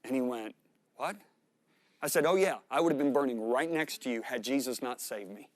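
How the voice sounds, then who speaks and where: A middle-aged man preaching, telling a story with animated, dramatic shifts in voice as he acts out the dialogue. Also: moderate pace, dry recording. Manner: animated storytelling, acting out dialogue with sharp rises in pitch and volume. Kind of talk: sermon storytelling.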